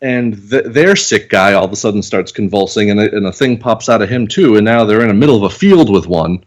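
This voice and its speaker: A man's voice: lowish voice, lively intonation, brisk. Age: adult. Sex: man. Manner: profane, vivid retelling. Style: casual podcast chat. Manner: profane, vivid blow-by-blow retelling with acted-out quotes. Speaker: podcast reviewer.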